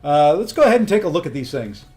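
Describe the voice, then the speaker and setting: Chatty game streamer man, higher voice. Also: sing-song, quick pace, mellow, soft background music. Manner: chatty, frequent ums and restarts. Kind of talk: casual livestream commentary.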